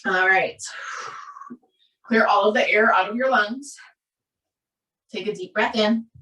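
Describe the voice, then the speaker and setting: A woman with a Minnesota accent, a yoga instructor giving calm, steady, breath-paced cues through a class. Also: medium pitch, takes it slowly. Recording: roomy echo, voice from a distance.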